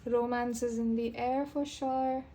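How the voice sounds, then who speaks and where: A young woman doing a casual tarot reading, rambling and halting, often restarting her sentences. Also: fairly high pitch, little pitch movement, dark tone, a little hiss or hum. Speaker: tarot reader.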